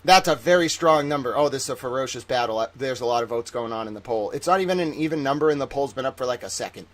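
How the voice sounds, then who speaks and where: A man hosting a livestream in casual chat, animated, exclamatory and jokey. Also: medium pitch, fast. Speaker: livestream host.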